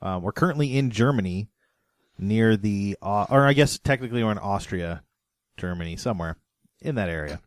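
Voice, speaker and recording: A man's voice: lowish voice, animated, dry recording, clean studio sound. A man running a tabletop game as game master, talking casually and hesitantly, with many fillers and restarts. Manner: halting, full of fillers and restarts.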